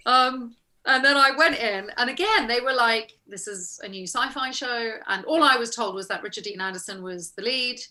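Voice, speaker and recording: A woman's voice: a little high, moderate pace, bright, forceful tone. A woman being interviewed as a guest actress. She tells her stories casually, acting out the lines people said and laughing often. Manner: chatty, acts out quoted exchanges, laughs often.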